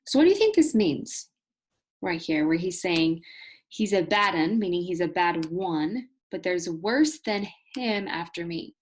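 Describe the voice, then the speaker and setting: A woman teacher reading a story aloud to students, pausing to explain hard words. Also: lowish voice, lively intonation.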